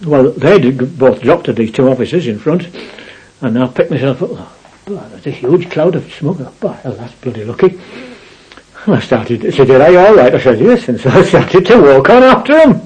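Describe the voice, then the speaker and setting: Husky older man telling war stories. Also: medium pitch, big pitch swings, normal speed, a little mellow, lo-fi sound. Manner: rambling storytelling, keeps adding "you see". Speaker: war veteran interviewee. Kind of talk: recounting war memories.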